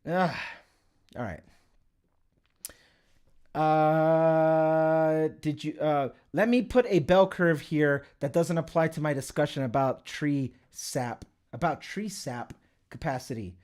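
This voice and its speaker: His voice is fairly high and a little mellow, slow-paced with long pauses. This young man hosts a casual livestream, reading the chat, rambling, cursing and laughing frequently with viewers.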